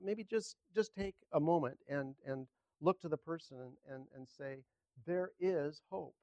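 An older man preaching a sermon as pastor, halting and repeating words as he speaks. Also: fairly high pitch, animated, darkish tone, no echo, dull audio. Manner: halting, repeats words, leads congregation in a hymn.

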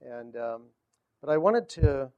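A male pastor preaching a sermon in a halting way, searching for his words with many fillers. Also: medium pitch, animated, clear, resonant tone, dull audio.

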